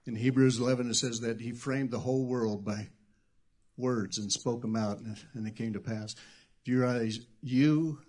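A middle-aged man preaching a sermon as pastor, talking conversationally and jumping between quiet asides and loud shouted bursts. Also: medium pitch, steady tone, moderate pace.

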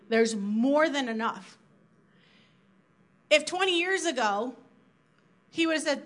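Bright high-voiced woman preaching. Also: sing-song, unhurried, long pauses. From South Dakota. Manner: earnest, conversational preaching with acted-out inner quotes. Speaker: church speaker. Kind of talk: sermon.

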